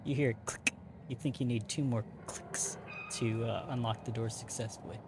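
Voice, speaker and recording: A game master narrating a tabletop game in a relaxed, halting way with fillers. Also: mid-range voice, a little hiss or hum.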